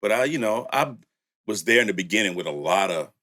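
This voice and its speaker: A middle-aged man with a low voice and a Southern country lilt tells stories as an interview guest. He is relaxed and easygoing, and his pitch jumps up when he acts out old conversations. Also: brisk. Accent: Southern US country accent. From Louisiana, raised in the Bay Area. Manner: laid-back, laughing, acts out quotes with rising pitch. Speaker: music producer, guest. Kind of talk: storytelling interview.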